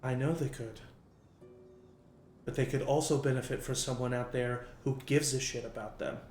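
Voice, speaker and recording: A man's voice: medium pitch, fairly even intonation, normal speed, a little mellow, soft background music, lightly acted. Stern caring camp leader, man voicing, plain-spoken, roomy recording. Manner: firm, blunt, plain-spoken. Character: stern male settlement leader, blunt but caring. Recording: echoey room.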